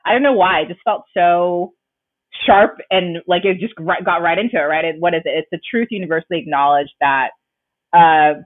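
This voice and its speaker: A woman's voice: lowish voice, normal speed, no echo. Woman on a tinny line. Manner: rambling, self-correcting. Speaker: podcast co-host. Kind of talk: casual chat. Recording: tinny, dry phone-like line.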